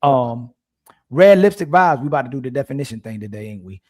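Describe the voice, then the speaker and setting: A man's voice: medium pitch, expressive, fairly quick, a little mellow. A man hosting a casual livestream panel, reading super chats aloud in a slangy, playful, teasing way.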